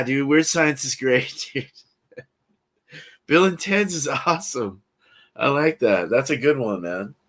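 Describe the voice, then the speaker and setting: A man in the middle of his pitch range chats easily with his viewers. He talks in a loose, slangy, laid-back way and breaks into laughs often. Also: a bit bright. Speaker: livestream host. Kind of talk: casual chat with live chat.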